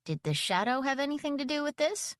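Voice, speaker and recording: A woman narrator voicing a brisk, dry-humored grandmother in an audiobook. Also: sits high, very animated, dry recording, voice pushed up.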